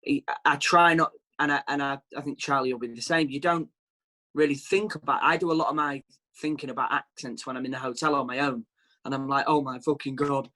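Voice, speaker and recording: Northern English man, rambling and relaxed. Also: medium pitch, fairly quick. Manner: relaxed, rambling, quotes himself in little asides. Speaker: actor, interviewee. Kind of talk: casual interview chat.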